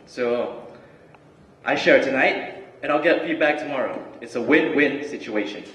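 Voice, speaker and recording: A young man giving a relaxed, chatty student talk with lots of fillers and restarts. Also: medium pitch, measured pace. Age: young adult. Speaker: student speaker. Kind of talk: casual student talk and spoken word. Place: large hall. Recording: roomy hall recording from far off.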